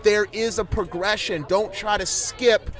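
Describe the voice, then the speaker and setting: Brief: excitable male weightlifter guest, fairly high voice, outdoor event with music behind. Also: measured pace, a faint crowd. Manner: excitable, animated storyteller. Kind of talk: casual storytelling interview. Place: outdoors at a competition.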